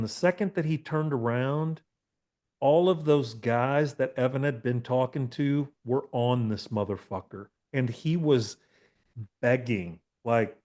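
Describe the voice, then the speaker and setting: A man's voice: medium pitch, darkish tone. A man in his fifties, a therapist guest on a podcast, telling stories casually with frank swearing and rambling restarts. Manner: profane, candid, rambling with restarts.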